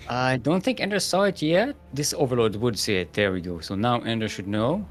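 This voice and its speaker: A man casting a live strategy game, jokey and punny, often pausing with "uh". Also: mid-range voice, lively intonation, faint music behind. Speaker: esports caster.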